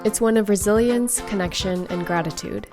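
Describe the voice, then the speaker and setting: A woman at a mid-range pitch introduces and closes a podcast episode from a script. Her reading is calm and measured, with faint music playing behind her. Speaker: podcast host.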